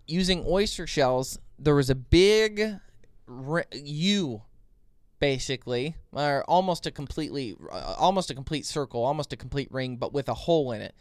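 Smooth-voiced man telling a rambling story. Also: fairly high pitch, normal speed, no room sound, studio quality. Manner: rambling, animated storyteller with many restarts. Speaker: podcast co-host. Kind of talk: casual storytelling chat.

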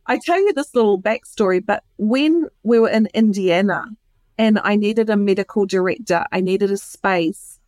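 A woman's voice: medium pitch, dry recording. A woman being interviewed, telling her own story in a candid, heartfelt way. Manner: earnest and heartfelt, with many restarts. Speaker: interview guest.

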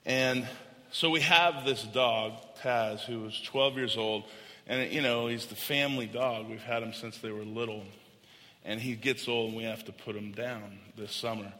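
A man's voice: medium pitch, steady tone, normal speed, bright, forceful tone. Earnest male pastor in a reverberant hall. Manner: earnest, conversational, personal storytelling. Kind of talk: sermon.

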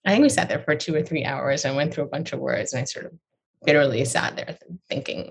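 A woman with a low, slightly husky voice talks poetry in an easygoing conversation. She wanders from thought to thought, restarting and repeating phrases as she tells stories about learning to write. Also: quick pace. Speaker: poet. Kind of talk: conversational storytelling.

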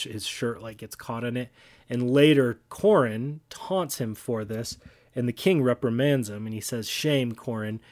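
A man giving casual, reflective commentary on a book he reads aloud, talking eagerly and restarting his phrases. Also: mid-range voice. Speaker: book discussion host.

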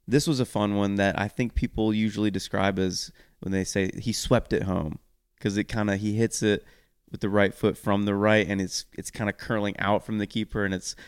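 A man hosts a casual sports podcast, talking through match highlights in an upbeat, rambling way and often correcting himself mid-sentence. His voice sits on the low side and sounds smooth. The recording is close and dry. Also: flat delivery, normal speed, dry recording. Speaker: podcast host.

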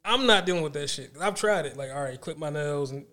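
Fast-talking man telling stories. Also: a little high. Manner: rapid, animated storytelling with slang and swearing. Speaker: podcast co-host. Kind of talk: casual chat.

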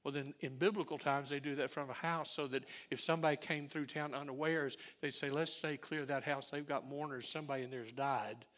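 A male pastor preaching a sermon, telling the story with lively swings and dropping to near-whispers. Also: mid-range voice, fairly quick, hardly any pauses. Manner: animated storyteller who drops to near-whispers.

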